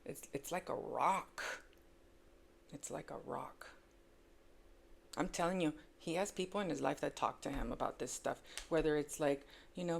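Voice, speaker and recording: A woman reading tarot cards in a casual, emphatic monologue. She repeats words for stress and swings between hushed asides and loud exclamations. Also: low-pitched, creaky. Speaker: tarot reader.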